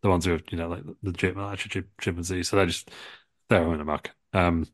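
A man's voice: low voice, steady tone, brisk, dry recording. A man co-hosting a comedy podcast, telling a rambling made-up story with lots of ums, restarts and giggles. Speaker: podcast co-host.

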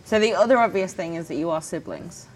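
A woman's voice: fairly low pitch, lively intonation, quick pace, a loud crowd, poor audio. A woman with a British accent, interviewing guests in a friendly, chatty way. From Britain. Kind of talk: casual interview.

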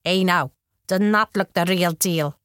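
A woman's voice: lowish voice, measured pace, fairly bright tone, no room sound, clean studio sound. A woman voicing a proud, beaming elderly male priest in an audiobook.

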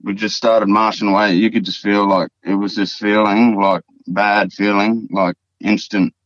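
Fairly low and level in tone, a Northern Territory Australian speaks at a moderate pace while guesting on a podcast. His story wanders, profane and stuffed with fillers and repeated words, captured in dry, dull lo-fi audio.

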